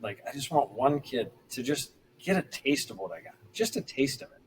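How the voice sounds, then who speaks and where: A middle-aged man, a former pro pitcher, telling stories casually as a podcast guest and acting out the people he quotes. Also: normal speed, slight background noise, low-quality recording. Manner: animated, acts out quoted voices. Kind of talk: casual storytelling.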